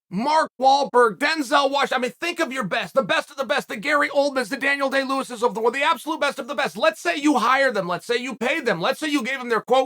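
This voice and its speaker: A man holds forth on his own show in a loud, cocksure monologue, talking straight to his audience. His voice sits very high for a man, and the tone is bright and forceful. He hammers his points home with full confidence. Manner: brash, self-assured and emphatic, addressing viewers as "guys". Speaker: podcast host. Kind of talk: casual commentary monologue.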